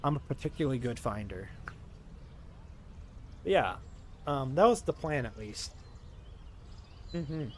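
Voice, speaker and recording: A man's voice: mid-range voice, animated, unhurried, long pauses, a little mellow, slight background noise. A young man, chatting in a loose, rambling way as a tired streamer. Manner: rambling, full of fillers and restarts, tired. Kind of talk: casual rambling chat.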